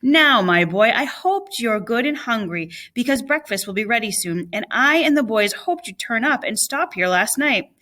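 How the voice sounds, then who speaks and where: A woman's voice: a little high, animated, normal speed, hardly any pauses, sharp tone. A woman reading aloud and voicing a kind, protective old Welshman in a storybook. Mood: reassuring.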